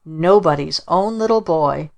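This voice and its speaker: A woman voicing a restless, defiant little boy who bursts out boasting and shouting in an audiobook. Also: deep voice, unhurried, creaky. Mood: taunting. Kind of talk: audiobook character reading.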